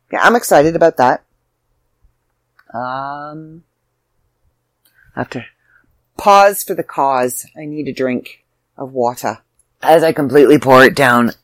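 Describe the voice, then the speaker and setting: A woman's voice: extremely low pitch, slow pace, pauses often, no echo. A woman, hosting her own podcast as an author, chatty and self-deprecating, sounding tired. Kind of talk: casual solo podcast chat.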